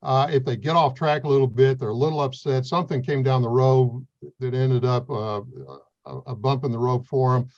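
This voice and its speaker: A man's voice: mid-range voice, steady tone, normal speed, darkish tone. A man coordinating veteran mentors, earnestly explaining their role in an interview with plain talk and fillers. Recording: slightly dull, lo-fi sound.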